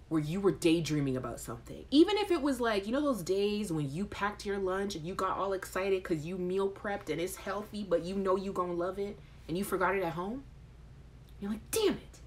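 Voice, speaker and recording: Animated woman hosting a live chat. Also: medium pitch. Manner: animated, joking, exaggerated outrage; addresses chat viewers by name. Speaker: host. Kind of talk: live chat show, reading viewer comments.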